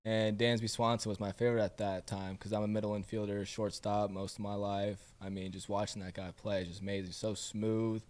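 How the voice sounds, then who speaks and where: A man's voice: fairly low pitch, flat delivery, fairly quick, hardly any pauses, a little mellow. A man in his twenties from Nebraska, a baseball coach chatting easily as a podcast guest. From Omaha, Nebraska. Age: 20s. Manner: easygoing, storytelling with quoted asides. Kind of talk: casual podcast chat.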